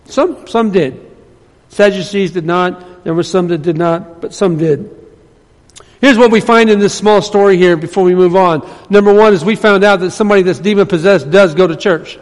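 A man's voice: high voice, moderate pace. A male pastor giving a conversational sermon in a church that builds to emphatic points. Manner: conversational preaching, rising to emphatic. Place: church sanctuary. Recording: long reverb of a church hall.

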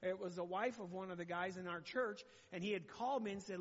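A man's voice: sits high, quick pace, long reverb tail, highs cut off. A man preaching a sermon as pastor, talking conversationally and asking the congregation questions.

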